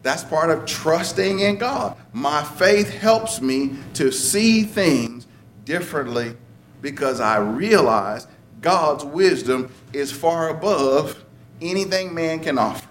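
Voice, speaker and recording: A man's voice: a little high, animated, takes it slowly, slight background noise. A man preaching a sermon in a conversational way, chuckling and lifting his voice for emphasis.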